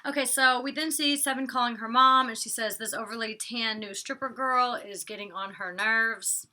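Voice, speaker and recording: A woman's voice: a little high, steady tone, moderate pace, bright, forceful tone. A young woman chatting casually at home, giving an opinionated review with lots of likes, ums and laughs. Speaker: vlogger reviewing a reality show. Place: home, indoors.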